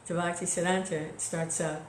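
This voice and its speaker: A woman's voice: lowish voice, flat delivery, moderate pace, slight background noise. A woman giving an informal devotional talk in a conversational way, full of "you know" and small restarts. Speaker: devotional speaker. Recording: echoey room recording.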